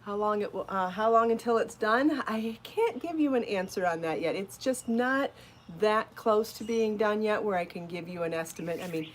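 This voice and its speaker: A woman's voice: medium pitch, normal speed, a little hiss or hum. A woman hosting a casual live stream about crochet, chatty and encouraging, laughing often as she answers viewer comments. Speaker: podcast host and crochet designer.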